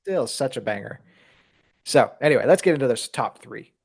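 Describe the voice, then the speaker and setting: A man's voice: medium pitch, lively intonation, moderate pace, gravelly, darkish tone, husky. A man chatting as a podcast guest, easygoing and given to dry jokes. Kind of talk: casual chat.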